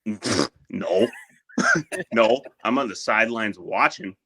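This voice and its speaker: Slow, rambling young man telling a story. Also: fairly low pitch, bright, forceful tone, slightly rough, no echo. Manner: rambling, laughs through his story, filler-heavy. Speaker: podcast co-host. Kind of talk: casual storytelling chat.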